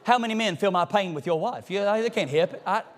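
High-voiced preacher man. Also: a little fast. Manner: folksy, call-and-response preaching, swings from loud to hushed. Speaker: pastor. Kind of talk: sermon. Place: church sanctuary.

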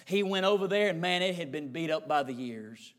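A man's voice: a little high, animated, a little fast. A man preaching a sermon, telling a story with a repetitive, rhythmic cadence.

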